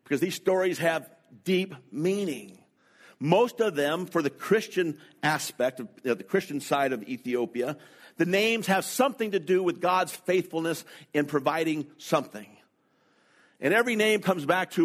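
A middle-aged man from North America preaching a sermon, telling personal stories slowly and deliberately. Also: fairly high pitch, expressive. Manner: slow, deliberate, anecdotal delivery. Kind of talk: sermon storytelling.

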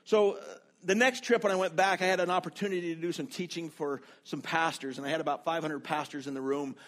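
A pastor telling a sermon story, his fairly high voice lifting sharply whenever he quotes someone. He preaches in an animated, storytelling way. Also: fast talker. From North America.

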